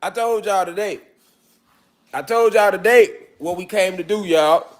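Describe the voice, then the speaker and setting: A man with a high voice, speaking at a measured pace, lectures his viewers in a street-style manner. His talk is profane and preachy, filled with repeated call-and-response asides.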